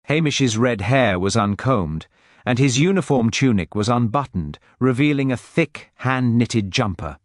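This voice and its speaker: A man reading a mystery story aloud in steady, scripted narration. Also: medium pitch, measured pace, no room sound, studio quality.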